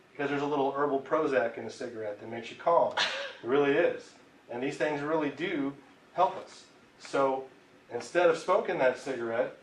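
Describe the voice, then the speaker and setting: A man teaching a class in a relaxed, chatty way, often checking in with "right?". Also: medium pitch. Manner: conversational, keeps asking "right?". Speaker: tobacco cessation instructor. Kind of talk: classroom lecture. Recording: echoey room, mic far off, faint hiss.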